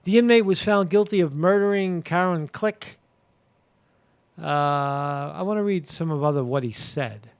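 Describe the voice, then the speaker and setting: A man's voice: on the high side, unhurried, smooth. A man hosting a live commentary show, talking casually with many fillers, restarts and crude language. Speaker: show host.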